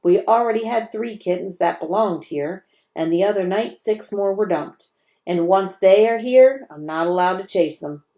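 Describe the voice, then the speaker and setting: A woman voicing a gloomy, grumbling male watchdog with a gruff, complaining manner in a storybook reading. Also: mid-range voice, normal speed, warm tone, close to an everyday voice. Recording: roomy echo.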